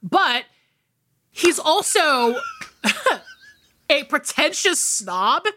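A woman's voice: high voice, big pitch swings, extremely slow, pushed and bright, a little hiss or hum. A woman co-hosting a movie podcast, chatting casually and rambling with lots of fillers. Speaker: podcast co-host.

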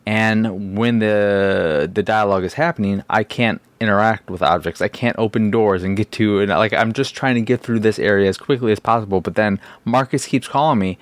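A man's voice: lowish voice, moderate pace, hardly any pauses, dry recording. A man hosting a podcast, rambling in a casual, exasperated, self-mocking way. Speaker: podcast host. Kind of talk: casual solo podcast talk.

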